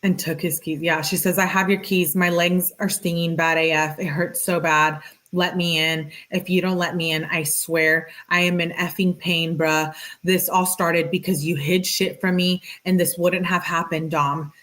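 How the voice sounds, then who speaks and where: A woman's voice: lowish voice, little pitch movement, moderate pace, fairly bright tone. A woman reading text messages aloud and reacting to them in a casual, slangy way with sarcastic asides. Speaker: true-crime commentator.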